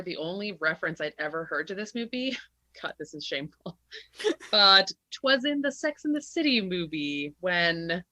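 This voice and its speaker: A woman's voice: fairly low pitch, bright, forceful tone, no echo. A woman co-hosting a podcast in casual chat, laughing often and poking fun at herself. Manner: laughing, self-deprecating. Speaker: podcast co-host.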